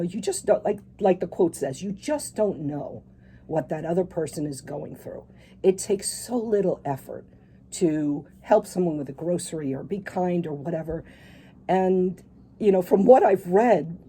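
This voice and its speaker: A middle-aged woman, an author being interviewed on the radio, telling a personal story with animated quoted dialogue. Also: lowish voice, slightly rough. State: tearful at moments.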